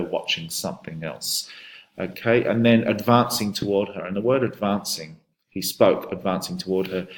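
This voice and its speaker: A man teaching a poem in a lecture, talking through it with many fillers and restarts. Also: low voice. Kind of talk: poetry lecture with read-aloud passages.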